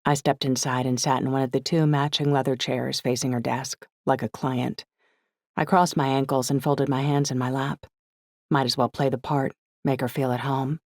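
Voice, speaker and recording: A woman's voice: extremely low pitch, level tone, normal speed, darkish tone, dry recording, clean studio sound. A woman narrating a first-person audiobook in a wry, sardonic voice from a recording booth. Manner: wry, sardonic teenage inner voice.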